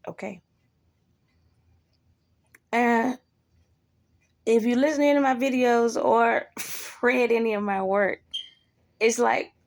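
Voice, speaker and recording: A woman's voice: mid-range voice, gravelly. A woman talking casually to camera in a blunt, profane way, animating the people she quotes. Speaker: vlogger. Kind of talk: casual monologue.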